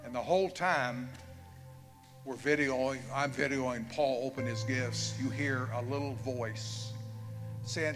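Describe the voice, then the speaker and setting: Pastor in his 70s, bright forceful voice, keeps firing questions at the congregation, big church echo with faint music. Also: mid-range voice, fairly even intonation, slow. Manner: fervent preaching with repeated questions to the congregation. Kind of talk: sermon. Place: church sanctuary. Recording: long hall reverb, faint music.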